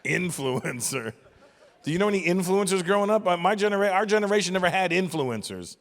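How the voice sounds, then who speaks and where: A man's voice: sits high, animated, fast talker. A man in his fifties doing stand-up comedy on a stage mic in a large venue, ranting in an exasperated, profane way. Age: 50s. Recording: live hall reverb.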